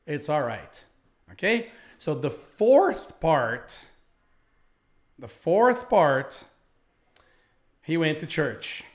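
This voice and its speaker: Guy teaching english live, slow and careful, repeats stuff, kinda high voice. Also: sing-song. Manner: slow, repeats phrases for learners. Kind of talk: live online English lesson.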